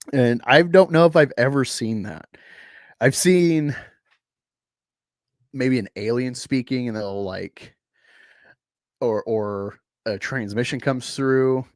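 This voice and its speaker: A man casually reviewing a comic book, animated and rambling, laughing often. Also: fairly low pitch, dry recording, studio quality.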